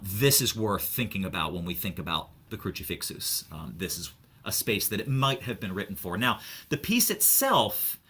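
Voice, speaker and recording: A man giving an online music lecture, thoughtful and animated, with many fillers and restarts. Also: lowish voice, slightly rough. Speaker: choir director.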